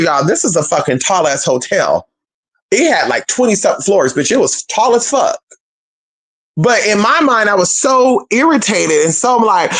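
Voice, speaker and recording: Animated profane young adult storyteller. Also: medium pitch. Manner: animated, profane, keeps calling the audience "y'all" and "girl". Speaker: streamer telling a personal story. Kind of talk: casual storytelling to an audience.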